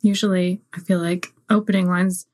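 A woman's voice: fairly low pitch, flat delivery, normal speed, darkish tone. A woman chatting casually on a podcast, easygoing and giggly. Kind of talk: casual chat.

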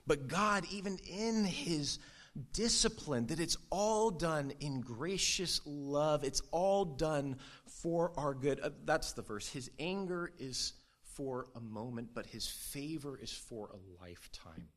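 A man's voice: fairly high pitch, animated, slow, fairly bright tone. A man preaching a sermon in an earnest, conversational way, with sudden rises for emphasis. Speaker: pastor.

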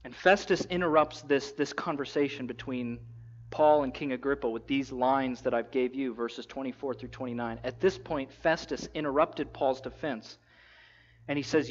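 A man preaching a sermon, retelling a story with lively, casual acted-out quotes. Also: medium pitch, normal speed, lo-fi sound. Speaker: pastor.

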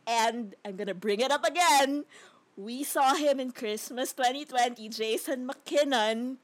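A woman with a fairly high voice, co-hosting a casual movie review chat. She rambles through scathing complaints and laughs often along the way. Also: unhurried. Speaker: podcast co-host.

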